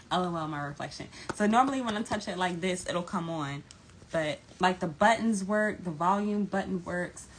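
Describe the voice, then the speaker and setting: A woman hosting a tarot channel, chatting casually to viewers in a rambling, profane, animated way. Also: on the low side, a little hiss or hum, poor audio. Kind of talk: casual vlog chat.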